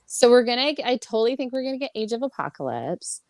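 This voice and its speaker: An excitable woman co-hosting a pop-culture podcast, laughing easily as she talks. Her pitch swings widely. The sound is close and dry. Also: quick pace, vocal fry, dry recording. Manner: excitable, laughs often, animated. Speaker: podcast co-host. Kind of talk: casual pop-culture chat.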